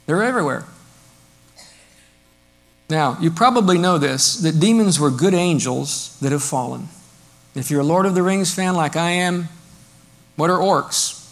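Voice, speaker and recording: A male pastor delivers an animated sermon to his congregation, his voice sitting notably high. He swings between emphatic declarations and quieter asides, sometimes slipping into a sarcastic mock voice. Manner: animated preaching, mock voices of modern critics. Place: church.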